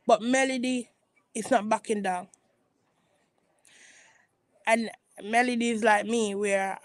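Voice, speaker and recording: A woman's voice: on the high side, moderate pace, no room sound. A woman giving casual opinion commentary as a vlogger, talking emphatically and repeating herself with restarts. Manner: emphatic and repetitive, with frequent restarts.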